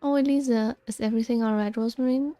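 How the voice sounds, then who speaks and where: A woman's voice: on the high side, fairly even intonation, quick pace, dark tone, no echo, lightly acted. A woman reading game lines aloud as a careful young heroine who is worried and suspicious. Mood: uneasy.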